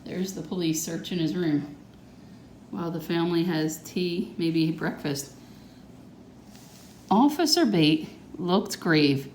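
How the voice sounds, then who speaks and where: A woman reading a picture book aloud to children, gently pointing out the pictures. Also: lowish voice, takes it slowly, long pauses, slight background noise. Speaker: reader. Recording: echoey room.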